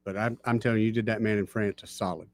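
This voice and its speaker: A man's voice: fairly low pitch, steady tone, quick pace, darkish tone, no echo. A man co-hosting a casual radio talk show, trading dry, teasing banter. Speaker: radio co-host. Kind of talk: casual chat.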